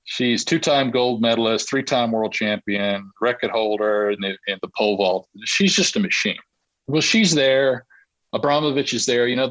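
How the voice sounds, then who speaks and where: A man, a podcast guest, telling a long anecdote in a lively way and laughing through his own tale. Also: mid-range voice, no echo, low-quality recording. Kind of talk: anecdotal storytelling.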